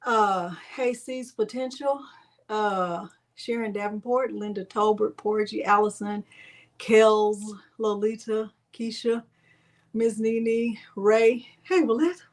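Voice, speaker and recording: A middle-aged woman hosts a casual crafting livestream, greeting viewers by name and chatting warmly between steps. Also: on the high side, fairly even intonation, slow. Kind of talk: casual livestream tutorial chat.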